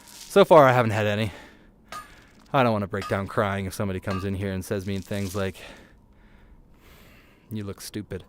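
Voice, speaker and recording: A man's voice: lowish voice, fairly even intonation, fairly quick, noisy background. A man livestreaming a game in VR, talking casually and rambling in a self-deprecating way. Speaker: streamer. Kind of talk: casual gaming livestream chat. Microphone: VR headset mic.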